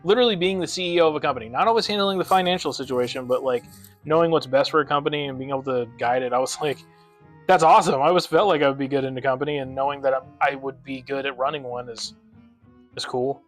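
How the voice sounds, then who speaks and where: A man's voice: medium pitch, quick pace. A young man rambling and ranting with frequent swearing while chatting on a casual gaming stream, with game music behind him.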